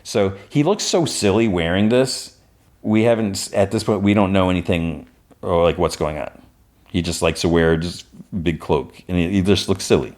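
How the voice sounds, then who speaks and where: A man hosting a podcast, casually retelling an episode scene by scene with lots of filler words and quick quoted lines. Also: deep voice, darkish tone. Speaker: podcast host.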